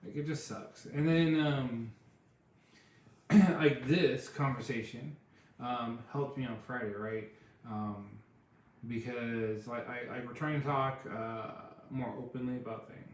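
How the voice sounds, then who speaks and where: Casual male co-host, mid-pitched, rambling storyteller full of fillers, recorded in a very echoey room. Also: steady tone, slow pace, slight background noise. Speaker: podcast co-host. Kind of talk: casual chat.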